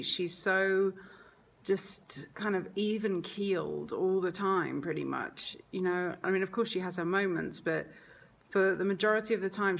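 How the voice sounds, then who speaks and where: A woman's voice: mid-range voice, creaky, a little hiss or hum. A woman talking casually as a mother in a home vlog, chatty and rambling with lots of "like" and "um". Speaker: mother vlogger.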